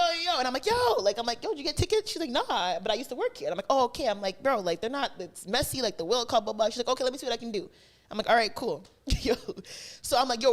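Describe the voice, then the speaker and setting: A woman co-hosting a podcast, telling a story in casual chat and acting out the dialogue. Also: medium pitch. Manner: animated storytelling with quoted dialogue. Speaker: podcast co-host.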